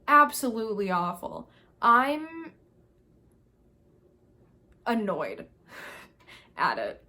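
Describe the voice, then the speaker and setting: Vlogger woman, fairly high voice, animated and exasperated casual rant. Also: extremely slow. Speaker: video creator. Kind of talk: casual review vlog.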